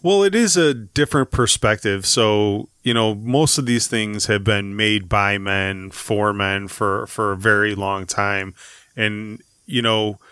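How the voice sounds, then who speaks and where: A man's voice: lowish voice, slow, pushed and bright, clear, resonant tone, no room sound, clean studio sound. A man guesting on a podcast, talking earnestly in casual chat and repeating words as he goes.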